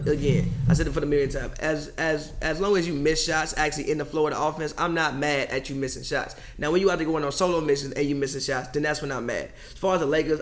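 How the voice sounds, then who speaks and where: A man co-hosting a casual sports debate, insistent and repetitive, often restarting his sentences. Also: a little high.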